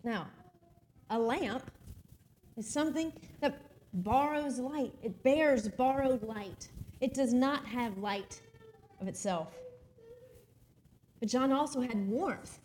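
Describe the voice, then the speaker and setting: A woman with a high voice delivers a sermon and reads scripture aloud. She preaches expressively, slowing to a crawl on the words she wants to land. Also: a little mellow, slight background noise.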